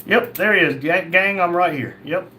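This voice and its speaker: A man's voice: high-pitched, normal speed, bright, forceful tone, slight background noise. A man hosting a casual livestream, reading chat comments aloud and answering them in a blunt, crude, joking way. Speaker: livestream host.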